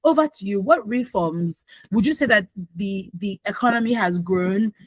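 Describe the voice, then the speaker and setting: A woman's voice: mid-range voice, normal speed, no room sound, low-quality recording. Opinionated Nigerian woman radio host. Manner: opinionated, animated, frequent asides. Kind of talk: morning radio talk.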